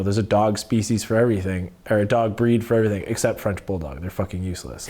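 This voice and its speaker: A man talking as a podcast guest, telling animated stories in casual, profane conversation. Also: mid-range voice.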